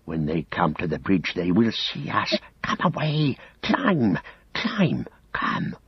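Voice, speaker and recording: A man's voice: low-pitched, wildly swooping pitch, slow, slightly rough, dry recording, exaggerated voice. A man voicing a wretched, fearful creature in an audiobook, hissing urgent warnings. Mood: frantic hissing. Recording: dull lo-fi audiobook recording.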